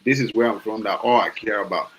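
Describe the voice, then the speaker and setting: Speaking fast in a fairly low, slightly bright voice, this Liberian man hosts a podcast of casual opinion talk in a Liberian accent. He's passionate, repeatedly restarting phrases and throwing out rhetorical questions. The audio is poor.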